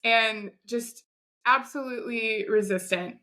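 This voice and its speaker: A woman in her thirties, a podcast guest, telling her own story in a chatty, animated way. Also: fairly high pitch, takes it slowly. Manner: chatty, animated retelling with quoted asides. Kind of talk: conversational storytelling.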